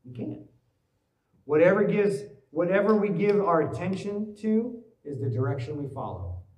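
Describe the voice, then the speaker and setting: A man preaching a sermon as pastor, telling stories in a lively way and acting out worried voices. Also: sits high, moderate pace. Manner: animated storytelling, acts out worried voices. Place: church sanctuary. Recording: echoey church hall, mic at a distance.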